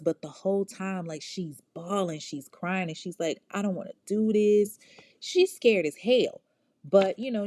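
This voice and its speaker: A woman hosts a true crime podcast, telling the story in loose, profane slang and talking straight to her listeners. Her voice sits low and mellow. The sound is dry and close. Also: dry recording. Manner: casual, slangy, profane, talks to listeners directly. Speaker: podcast host.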